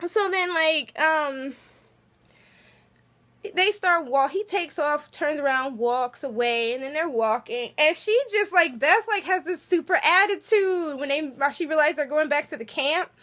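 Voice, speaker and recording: Chatty high-voiced woman vlogger. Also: measured pace, a bit bright. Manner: chatty, giggly, lots of filler words. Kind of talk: casual episode recap.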